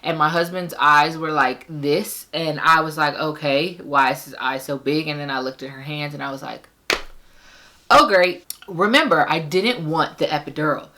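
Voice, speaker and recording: A young woman vlogger casually telling her birth story to camera, animated and acting out the people she quotes. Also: moderate pace, few pauses. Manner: animated, acts out quoted voices with big pitch jumps. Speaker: parenting vlogger.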